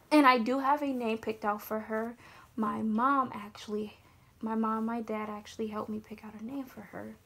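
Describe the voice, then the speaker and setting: A young woman vlogging casually as she unboxes something, gushing and often dropping into breathy whispers. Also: fairly high pitch, flat delivery, moderate pace, a bit bright.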